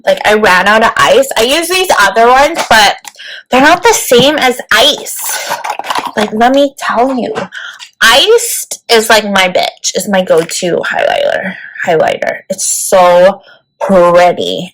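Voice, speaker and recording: Chatty woman with a creaky voice. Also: medium pitch, sing-song, slow, a bit bright, a little hiss or hum, low-quality recording. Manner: chatty, peppered with "like" and "let me tell you". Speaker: beauty vlogger. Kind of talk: casual makeup tutorial.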